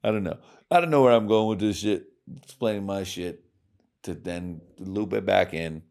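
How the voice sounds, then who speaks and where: Deep-voiced man ranting crudely. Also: normal speed, creaky. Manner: crude, swearing, rambling; loud swings in volume and pitch. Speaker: podcast host. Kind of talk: profane rambling monologue.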